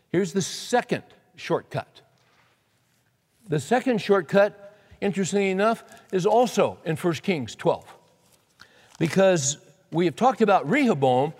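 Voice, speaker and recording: A man's voice: high voice, expressive, measured pace, long pauses, breathy edge. A man preaching a sermon in a folksy, conversational way, reading scripture and talking plainly to the congregation. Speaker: pastor. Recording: reverberant hall recording.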